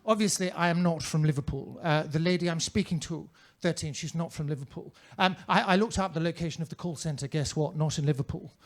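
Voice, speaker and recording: A man's voice: fairly high pitch, brisk, few pauses. A male stand-up comedian performing in a comedy club with a mannered, theatrical, droll delivery into a handheld mic.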